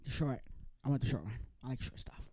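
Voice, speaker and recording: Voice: medium pitch, fast talker, a little mellow, husky, no echo. Open mic comic with a New York accent, chatty, slips into character voices, dry close-miked sound. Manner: chatty, acts out other people's voices. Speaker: stand-up comedian. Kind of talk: stand-up set at an open mic. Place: comedy club stage.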